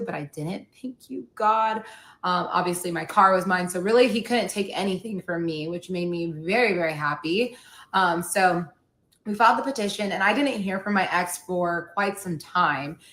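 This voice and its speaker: A woman's voice: lowish voice, moderate pace, a bit bright, echoey room. A woman podcast host candidly retelling a personal story and acting out the quoted dialogue.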